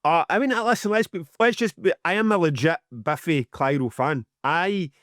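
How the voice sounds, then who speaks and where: A man's voice: fairly high pitch, normal speed, a bit bright, dry recording, clean studio sound. A Scottish man co-hosting a podcast in casual, sweary, teasing chat. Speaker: podcast co-host.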